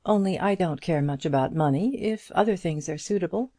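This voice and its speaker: A woman's voice: fairly low pitch, fairly quick, dark tone, dry recording, studio quality, natural voice. A woman voicing an earnest, modest, lonely single woman in an audiobook reading, in plain sincere tones.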